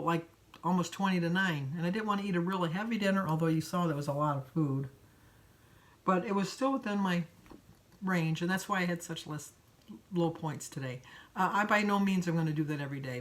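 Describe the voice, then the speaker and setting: An older woman from Michigan telling a long, rambling everyday story as a vlogger. She chats casually and laughs between sentences. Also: on the low side. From Michigan, USA.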